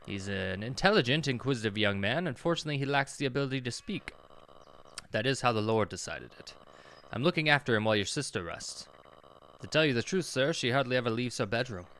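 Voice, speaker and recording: A humble, sorrowful old manservant in a game, formal and deferential, calling everyone sir, as a man reads him aloud. His voice swings lively up and down. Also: medium pitch, fast, slight background noise. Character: elderly male family servant, humble and sorrowful.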